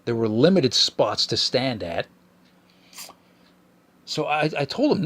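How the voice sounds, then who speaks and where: In a mid-range, somewhat bright voice, a podcast host speaks slowly with long pauses yet stays very animated. His monologue is a whiny, profane, rambling complaint that keeps restarting.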